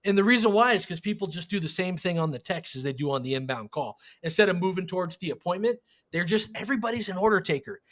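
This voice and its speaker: A man hosting a panel discussion as a sales trainer, talking in a blunt, emphatic, animated way. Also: high-pitched, fast, few pauses. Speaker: sales trainer and show host.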